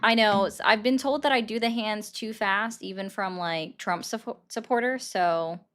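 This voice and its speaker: A woman's voice: medium pitch, moderate pace, fairly bright tone. Brief: a female livestream host, casual and chatty, taking calls and greeting viewers by name. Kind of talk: casual live political commentary.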